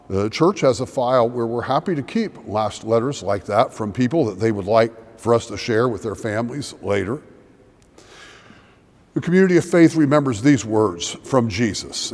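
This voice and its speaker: A middle-aged man, a pastor, preaching a measured, reflective sermon in a church sanctuary. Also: mid-range voice, darkish tone. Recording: long church reverb.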